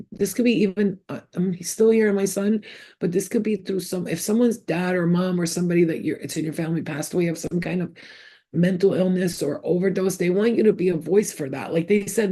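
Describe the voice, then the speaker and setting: A woman's voice: mid-range voice, warm tone. A woman giving a psychic reading to camera, rambling and emotional as she repeats the names and messages she hears. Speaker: psychic medium. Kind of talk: channeled spirit reading to camera.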